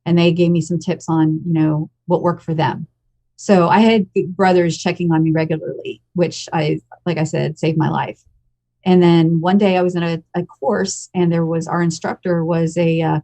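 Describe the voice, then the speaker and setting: Frank, emotional woman in her fifties, low-pitched. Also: fairly even intonation, normal speed, mellow. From United States. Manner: frank and emotional, blunt with occasional swearing. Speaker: podcast guest. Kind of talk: candid personal storytelling.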